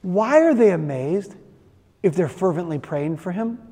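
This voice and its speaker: A man's voice: high-pitched, expressive, unhurried, mellow. A man preaching a sermon, retelling a story with acted-out voices and then speaking directly to the congregation. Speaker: pastor. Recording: long reverb of a large hall.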